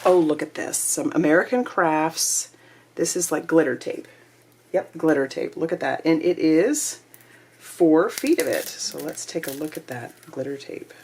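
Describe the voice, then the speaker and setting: A woman hosting a craft kit unboxing, gushing and excitable, sometimes dropping to a breathy whisper. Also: low voice, unhurried, a little hiss or hum. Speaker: crafting channel host. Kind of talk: casual unboxing chat.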